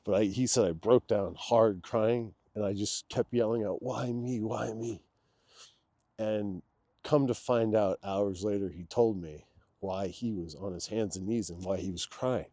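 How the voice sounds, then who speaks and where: A man guesting on a podcast, telling a personal story in a loose, candid way, dropping to a hush when he quotes someone. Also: fairly low pitch, moderate pace, dry recording, studio quality. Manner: loose and candid, drops into a hushed voice when quoting. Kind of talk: casual conversational storytelling.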